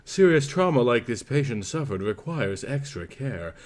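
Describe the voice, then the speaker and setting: A man's voice: medium pitch, big pitch swings, normal speed, natural voice. A man doing a grumbling scheming doctor. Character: scheming hospital doctor, middle-aged man.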